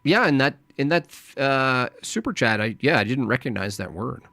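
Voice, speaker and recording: A man's voice: medium pitch, expressive, normal speed, gravelly, pushed and bright, no room sound. A man in his forties giving combative, mocking live-stream commentary as a streamer. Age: 40s. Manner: mocking, taunting, argumentative. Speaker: streamer reacting to clips.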